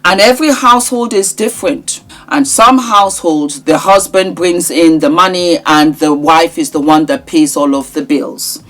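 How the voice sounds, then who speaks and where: A woman hosting a casual vlog, talking to her viewers in an affectionate, animated way and sometimes singing a word. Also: fairly low pitch, moderate pace, few pauses, faint music behind. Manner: affectionate, animated, sings words at times. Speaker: vlogger host.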